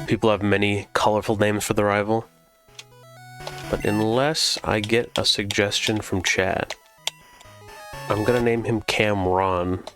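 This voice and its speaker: A man streaming a video game, chatting casually and relaxed with his viewers. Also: fairly low pitch. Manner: relaxed, chatty, talks to chat.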